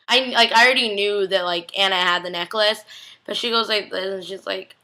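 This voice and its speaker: Teary and emotional, a young woman gushes about a TV episode in her recap vlog, her slightly high voice sharp in tone and a little fast. She peppers her chatter with "like" and acts out the quotes.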